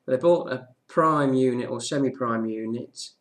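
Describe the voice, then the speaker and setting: A man talks through the day's property deals in a relaxed, informal update and keeps dropping in "okay" as he moves along. His voice has a gravelly edge at an ordinary middle pitch. He sounds like a regular presenter walking viewers through his own screen. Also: measured pace. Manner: chatty, many "okay"s and restarts. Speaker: property market news presenter. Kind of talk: casual daily market update with screen walkthrough.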